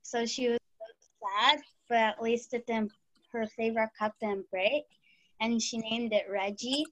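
A woman's voice: on the high side, steady tone, measured pace, fairly bright tone, no echo, low-quality recording. A woman in a group discussion who tells a small anecdote in a rambling way. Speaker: group participant.

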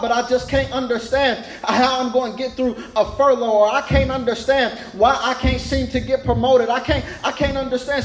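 A man's voice: very high-pitched, echoey room, a little hiss or hum, rough recording. A man preaching a sermon as pastor, repeating words in a rising, stammering preaching cadence.

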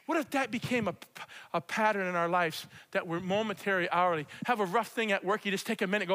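A man preaching a conversational sermon and leading spoken prayer, in an animated way that repeats itself and speaks straight to the congregation. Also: high-pitched, quick pace. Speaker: pastor. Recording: long hall reverb.

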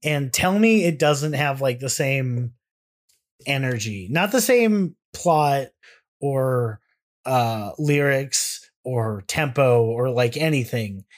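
A man's voice: mid-range voice, expressive, takes it slowly. A young man co-hosting a podcast, rambling in casual chat with self-deprecating jokes and some swearing. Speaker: podcast co-host.

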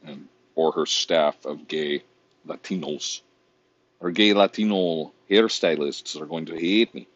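A man's voice: a bass voice, a little slow, husky, no room sound, muffled recording. A man vlogging in a casual, rambling, profane way while browsing online, often mocking himself.

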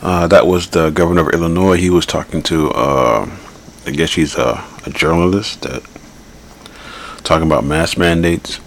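Male podcast host, very deep voice with a gravelly fry, blunt and rambling. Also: normal speed, slight background noise. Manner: blunt, rambling, repeats himself. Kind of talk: casual political commentary.

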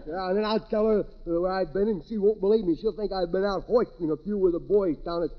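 A man's voice: high voice, a little fast, lightly acted. An actor playing a tipsy, wisecracking man on Christmas, with slurred, rambling drunk patter, in 1940s radio comedy style. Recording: noisy dull old radio broadcast.

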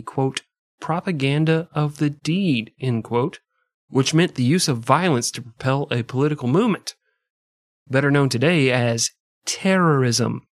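A man hosting a podcast, telling a history story casually, with sarcastic, profane, deadpan jokes. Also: mid-range voice, no room sound, studio quality. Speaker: podcast host.

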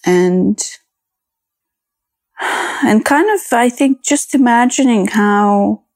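Slow, fry-edged woman musing aloud. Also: a little high, animated, a little mellow, no room sound. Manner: halting and reflective, many fillers and restarts. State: emotional, close to tears. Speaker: podcast host. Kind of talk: personal podcast monologue.

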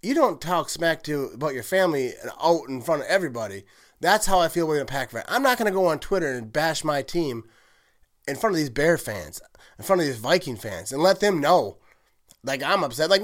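A man hosting a solo sports podcast, rambling and excited, often correcting himself and laughing at his own slips. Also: a little high, a little fast. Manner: rambling, heavy use of "like", self-correcting. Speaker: podcast host.

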